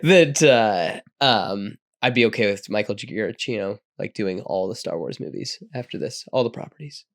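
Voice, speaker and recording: A man co-hosting a podcast, chatting casually and enthusiastically about a film, quick to agree and to chime in. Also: lowish voice, lively intonation. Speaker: podcast co-host.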